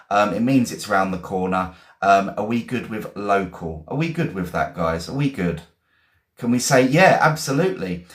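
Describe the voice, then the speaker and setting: A man teaching vocabulary on a live stream, reading viewers' sentences aloud and praising them. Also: lowish voice. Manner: encouraging, reads out viewers' sentences. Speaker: English teacher. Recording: echoey room.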